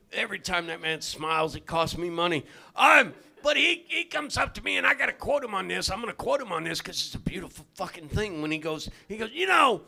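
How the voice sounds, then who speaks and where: An older man doing a stand-up comedy set in a club, loud and profane, often shouting his punchlines. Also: extremely high pitch, vocal fry, slightly rough. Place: comedy club stage, live audience.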